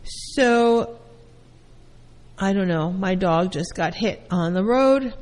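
A woman therapist giving a calm lecture, explaining terms through everyday first-person examples. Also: medium pitch, takes it slowly, pauses often, long reverb tail, rough recording. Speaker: therapist teaching.

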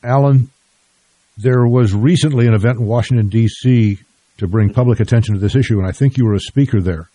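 An older man hosting a radio talk show and interviewing a guest in a measured, plain-spoken way. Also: mid-range voice, mellow, slightly rough, dry recording.

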